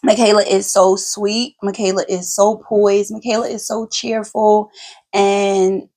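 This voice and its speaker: A woman in her forties hosting a podcast, telling family stories in an animated, emphatic, colloquial way. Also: mid-range voice, a little slow. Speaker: podcast host, mother. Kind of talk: casual conversational storytelling.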